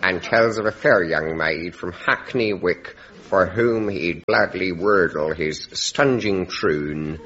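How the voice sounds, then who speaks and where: An actor playing a bawdy rustic folk singer in a radio comedy sketch, drawling and mock-folksy. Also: male voice, deep voice, slow pace, hardly any pauses, fairly bright tone, highs cut off.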